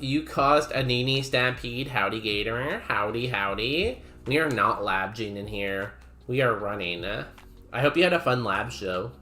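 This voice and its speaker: A man's voice: medium pitch, pushed and bright. A man streaming a game, chatting casually and rambling while he reads messages from chat aloud.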